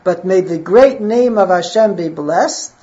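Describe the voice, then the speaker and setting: A woman's voice: lowish voice, measured pace, dark tone, lo-fi sound. Woman teaching a text line by line. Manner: reads a phrase, then translates and explains it. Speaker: Torah teacher. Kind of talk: text study lesson.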